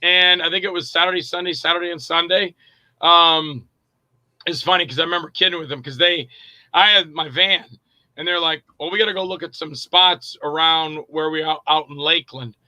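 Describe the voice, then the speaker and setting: A middle-aged actor and director tells stories casually in an interview, his fairly high voice moving briskly. He's animated, acts out quoted dialogue, and uses plenty of fillers, and the recording is low quality with no echo.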